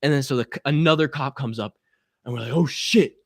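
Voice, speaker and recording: A young man spins a long anecdote at an everyday pitch. He swears constantly. He drops into lively acted-out quotes as he talks. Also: fast, dry recording, studio quality. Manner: profane, animated, acts out quotes. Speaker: guest. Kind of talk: casual storytelling.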